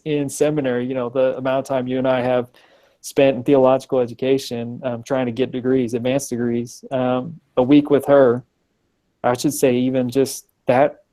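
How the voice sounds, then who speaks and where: In a casual video-call interview, a thirtyish male guest with a mid-range voice recounts a personal story. He's animated, often restarting and saying um.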